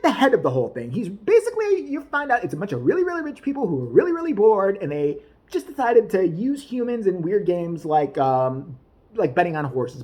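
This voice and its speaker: A woman's voice: a little high, darkish tone, husky. A woman ranting in a casual, rambling way, swearing often, laughing and putting on mock outrage as she talks. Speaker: vlogger reviewing a TV show.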